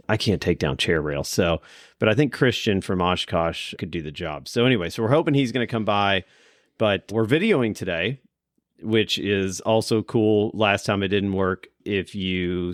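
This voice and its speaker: A man with a Kentucky accent hosts a casual podcast from an office room, talking in a loose, rambling, self-deprecating way. His voice sits low, and the recording is dry and close. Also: no echo. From Kentucky, USA. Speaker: podcast host.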